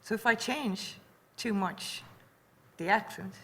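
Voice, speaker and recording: A woman on a panel speaking in a reflective, measured way. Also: mid-range voice, sharp tone. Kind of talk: panel discussion.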